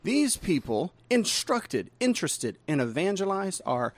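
A man, a pastor, chatting casually on a podcast in an animated, playful way. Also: high voice. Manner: animated and playful, reads quotes slowly.

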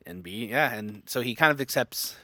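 A man's voice: medium pitch, animated, moderate pace, bright, forceful tone, no room sound, clean studio sound. A young man in casual book talk, rambling with many fillers and restarts. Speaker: book discussion co-host.

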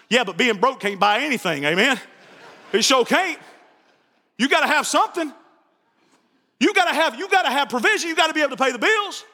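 A man preaching a sermon in a church, animated and joking, often repeating his words. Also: extremely high pitch, fast, in a large hall. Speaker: pastor.

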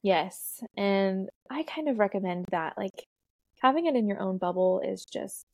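A woman's voice: mid-range voice, expressive, a little slow, darkish tone, no echo, clean studio sound. A woman in her thirties, a doula guest on a podcast, telling her birth story in a chatty way with frequent laughs and fillers. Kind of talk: casual storytelling interview.

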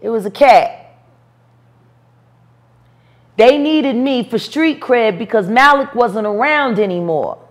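Animated, profane woman telling stories. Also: fairly high pitch, takes it slowly, long pauses. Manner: profane, animated storytelling with bursts of laughter. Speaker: interview guest. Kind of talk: storytelling interview.

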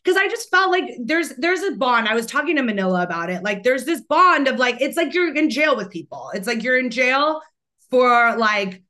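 A woman's voice: sits high, expressive, moderate pace, pushed and bright. A young woman hosting a podcast, chatting in a rambling way full of "like". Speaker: podcast host. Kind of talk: casual chat.

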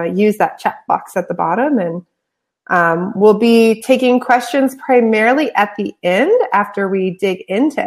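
Upbeat woman webinar co-host, casual and filler-heavy, mid-range voice. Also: mid-range voice. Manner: upbeat, chatty with many fillers.

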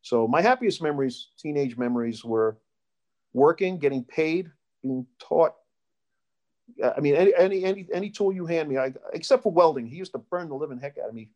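A man's voice: on the high side, expressive, brisk, a little mellow, lo-fi sound. A middle-aged man being interviewed, telling life stories in a rambling way with many restarts. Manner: rambling, with restarts and storytelling asides. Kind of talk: casual life-story interview.

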